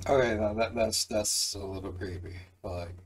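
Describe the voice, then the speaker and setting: A man's voice: lowish voice, fairly even intonation, normal speed, low-quality recording. A man hosting a reaction video, chatting casually and joking with lots of fillers.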